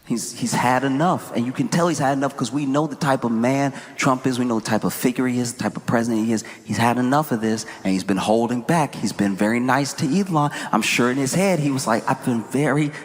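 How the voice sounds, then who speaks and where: A man performing stand-up comedy, animated and incredulous, with big jumps in his voice. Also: medium pitch, fast, few pauses. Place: comedy venue. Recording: live hall with audience noise.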